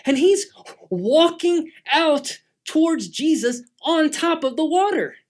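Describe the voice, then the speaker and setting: A woman telling a Bible story to children, dramatic and swinging between loud and hushed delivery. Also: high voice, lively intonation, slow. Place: church.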